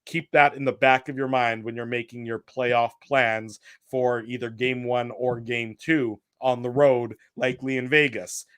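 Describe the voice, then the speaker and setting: A man's voice: medium pitch, little pitch movement, a little slow, hardly any pauses, a bit bright, clear, resonant tone, no echo, studio quality. Middle-aged man, sports podcast host, chatty, reads quotes. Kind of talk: post-game sports talk show.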